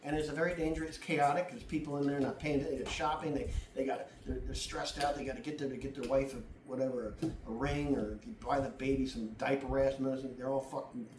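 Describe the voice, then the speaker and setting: A man's voice: mid-range voice, steady tone, brisk, few pauses, darkish tone, recorded from a distance, a little hiss or hum. Blunt, profane man in echoey room. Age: middle-aged. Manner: blunt and profane, acts out other drivers. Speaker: driving advice presenter. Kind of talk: casual demonstration.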